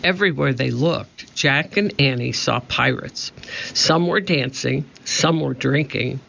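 A man narrating a children's storybook with slow, measured reading. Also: medium pitch, creaky, bright, forceful tone. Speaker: audiobook narrator. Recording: dull lo-fi recording.

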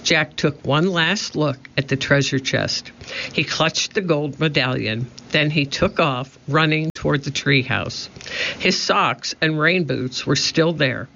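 Gravelly male storybook narrator. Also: a little high, measured pace, a little hiss or hum. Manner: steady, expressive reading. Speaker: audiobook narrator. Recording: muffled lo-fi audio.

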